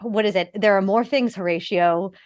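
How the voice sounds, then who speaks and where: A woman co-hosting a podcast, chatting casually about a film, gushing and animated, now and then swearing. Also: mid-range voice, moderate pace, dry recording, highs cut off. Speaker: podcast co-host. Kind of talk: casual film review chat.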